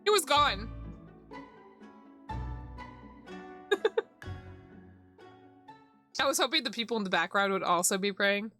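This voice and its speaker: A woman's voice: medium pitch, animated, slow, long pauses, sharp tone, faint music behind. A woman streamer chatting casually while playing a game, giggling and swearing freely. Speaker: VTuber streamer.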